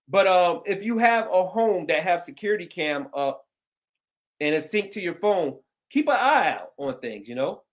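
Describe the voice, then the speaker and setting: Southern guy hosting, high voice, rambling animated stories, laughs a lot, acts out everyone. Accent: Southern American. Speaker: host of paranormal news show. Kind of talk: casual storytelling chat.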